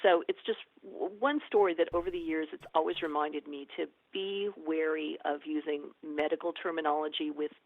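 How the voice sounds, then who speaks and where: A woman, an experienced ER nurse and educator, telling stories in a lively conversational interview and acting out the dialogue. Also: low-pitched, normal speed, few pauses, dry recording. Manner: lively, animated storyteller acting out quoted dialogue. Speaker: ER nurse and educator, podcast guest. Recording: tinny phone-like line, dry.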